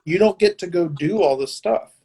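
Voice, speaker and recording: A man's voice: high-pitched, a little fast, vocal fry, dark tone, husky. A man, a guitarist guest, talking casually on a video call, laid-back, laughing often and swearing now and then. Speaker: guest musician. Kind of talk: casual chat over live video.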